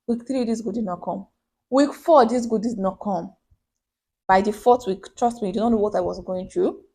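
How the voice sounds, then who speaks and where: A woman's voice: mid-range voice, brisk. A young woman with a Nigerian accent, a small business owner telling a personal story in a vlog and acting out the voices of the people in it. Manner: animated storyteller who acts out quoted voices.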